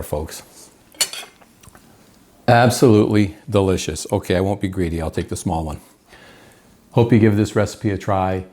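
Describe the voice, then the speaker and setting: A man with a low, darkish voice hosts a cooking show from his kitchen, chatting enthusiastically and calling the audience "folks." Clear frying noise from a sizzling pan fills the background.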